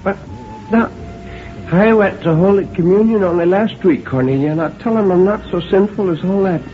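A man's voice: high-pitched, normal speed, phone-quality sound, faint music behind, natural voice. A man playing a testy dying old woman. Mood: weary. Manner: querulous, scolding. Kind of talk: radio drama acting.

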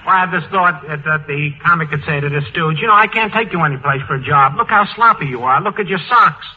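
A man's voice: a little high, lively intonation, fast talker. Joking man on tinny old radio. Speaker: comedy writer panelist. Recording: phone-like old radio broadcast, faint hiss.

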